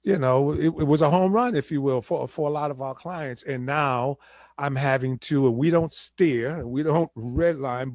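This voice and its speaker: A man hosting a real estate talk show, explaining the housing market in casual chat and acting out buyers and sellers in quick asides. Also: fairly high pitch, a little mellow, no room sound.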